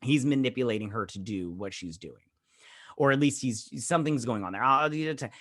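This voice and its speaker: A man's voice: mid-range voice, normal speed, a bit bright, dry recording, clean studio sound. A man casually recapping a TV episode as a reviewer, rambling and retelling scenes with "I was like". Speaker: show reviewer.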